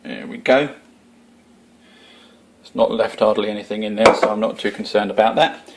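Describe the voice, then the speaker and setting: A man's voice: on the low side, steady tone, normal speed, creaky, noisy background. Chatty Essex man vlogging. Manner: chatty, rambling, self-deprecating. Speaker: homebrew vlogger. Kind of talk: casual chat to camera.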